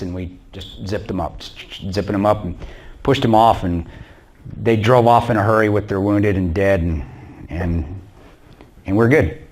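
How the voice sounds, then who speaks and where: Guy talking fast at a church, intense combat story, kinda low voice, blunt. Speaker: guest speaker. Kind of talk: personal war story told to a church audience.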